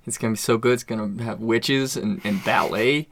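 An excitable man chatting casually about upcoming films. He gushes with enthusiasm, sprinkling his talk with "dude" and "like". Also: mid-range voice, normal speed, slight background noise. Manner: excitable, gushing, says "dude" a lot. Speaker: podcast co-host. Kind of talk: casual chat.

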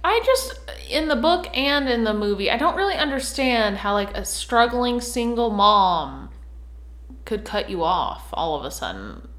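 A woman in her thirties co-hosting a podcast in casual chat, teasing and quick with quips. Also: a little high, very animated, a bit bright, roomy sound. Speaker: podcast co-host.

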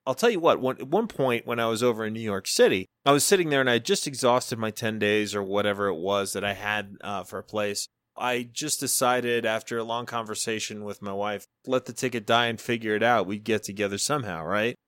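A man's voice: fairly low pitch, brisk, a bit bright, dry recording, clean studio sound. A man hosting a podcast in a casual, rambling monologue, swearing freely, laughing often and acting out quoted dialogue. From Florida, US. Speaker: podcast host.

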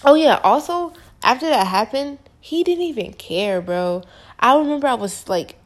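A woman's voice: high-pitched, animated, normal speed. A young woman telling a personal story to the camera in a casual, slangy, emphatic way. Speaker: vlogger.

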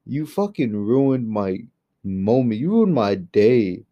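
A man hosting his own solo podcast, ranting in a heated, profane and exasperated way, swinging from low mutters to loud outbursts. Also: very animated, slow pace, highs cut off. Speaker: podcast host.

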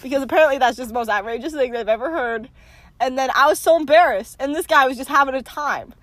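Giggly high-voiced young woman in a car. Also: quick pace, a bit bright, no echo. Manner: giggly, teasing, dramatic storytelling. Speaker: podcast co-host. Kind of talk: casual chat. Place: in a parked car.

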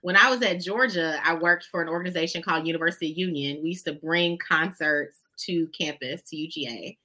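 Female guest, pitched low but bright and lively in timbre, warm folksy storyteller. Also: a little fast. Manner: expressive, folksy, addresses listeners as "y'all". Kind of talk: conversational storytelling.

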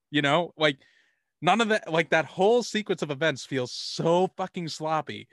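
A man's voice: on the high side, a little slow, a bit bright, no room sound, studio quality. A man hosting a casual film discussion, rambling and profane, restarting his sentences often.

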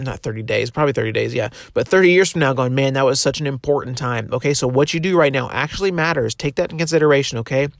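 A man's voice: medium pitch, dry recording, studio quality. A man giving a casual, earnest devotional talk, full of fillers and conversational asides.

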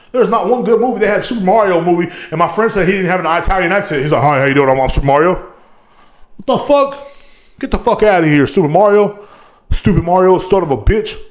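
A man with a fairly high voice, ranting on his podcast. He is riled up, swears constantly and rambles from point to point. His voice rings around an echoey room. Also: fast talker, a little mellow. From Texas, USA. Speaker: podcast host. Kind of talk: profane solo rant.

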